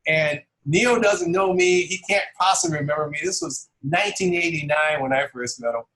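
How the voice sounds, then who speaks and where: On poor audio, a middle-aged man with a voice on the high side talks at normal speed. He's a comic book artist giving a casual interview, animated and chuckling through his storytelling.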